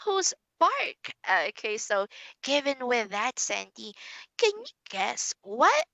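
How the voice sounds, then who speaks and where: A young woman with a Filipino English accent teaching an online English lesson to a child, slow and encouraging, calling herself teacher. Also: a little high, very animated, gravelly, bright, forceful tone, no room sound.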